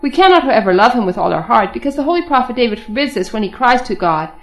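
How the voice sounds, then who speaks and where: A woman's voice: on the high side, sing-song, quick pace, soft background music. A woman reading steadfast solemn martyrs. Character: steadfast group of imprisoned male martyrs.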